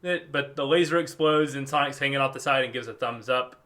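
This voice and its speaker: A man co-hosting a casual gaming podcast, talking in an animated way with quick restarts and acted-out quotes. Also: medium pitch. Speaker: podcast co-host.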